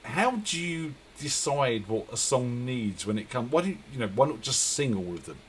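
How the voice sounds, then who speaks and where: A male radio host speaks with a voice of ordinary middle pitch. He asks his guest questions in an enthusiastic, complimentary way. A faint hiss of background noise runs underneath. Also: very animated, moderate pace. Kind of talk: radio interview conversation.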